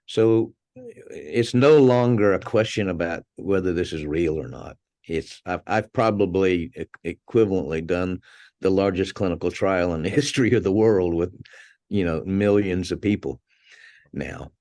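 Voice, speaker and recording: A man's voice: low voice, moderate pace, a little mellow, no room sound. A man being interviewed as a podcast guest, telling anecdotes in a conversational way, chuckling now and then and restarting his words.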